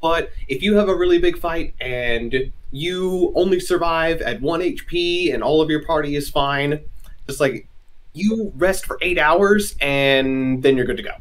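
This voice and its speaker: A man's voice: fairly high pitch, a little slow. A man, a game designer guest in a casual interview, explaining at length in an earnest way with lots of "you know" and "like".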